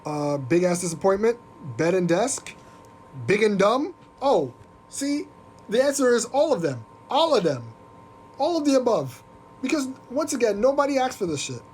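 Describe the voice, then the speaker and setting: High-voiced man ranting on a live stream. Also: moderate pace, a little hiss or hum. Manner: animated, profane and mocking. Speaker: podcast host. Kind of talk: casual live-stream rant.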